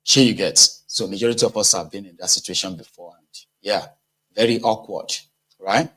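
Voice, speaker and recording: A man's voice: fairly low pitch, moderate pace, pushed and bright. A man with a Nigerian accent giving casual political commentary, conversational and sarcastic, mixing in pidgin.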